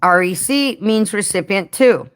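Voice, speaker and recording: A woman's voice: mid-range voice, expressive, measured pace, smooth. A woman hosting a casual livestream for home care workers, chatty and rambling, talking straight to her viewers with affectionate asides. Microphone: head-mounted rig.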